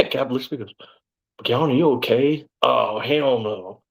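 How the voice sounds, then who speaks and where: A man, an interview guest telling his story in blunt, profane conversation and bursting out loudly when he quotes himself. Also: medium pitch, normal speed, creaky, low-quality recording. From Texas, USA.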